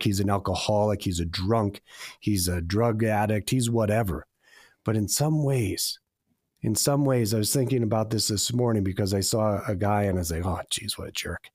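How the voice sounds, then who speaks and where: Earnest low-voiced man, dry sound. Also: darkish tone, no room sound. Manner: earnest, confessional, repeats phrases for emphasis. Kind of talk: reflective faith talk.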